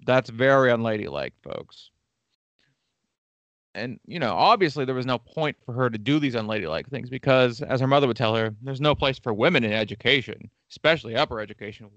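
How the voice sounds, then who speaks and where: A man's voice: medium pitch, animated, fairly quick, fairly bright tone, no room sound, lo-fi sound. A man co-hosting a casual history podcast, telling the story with irreverent jokes and profanity. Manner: irreverent, joking asides with profanity. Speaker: podcast co-host.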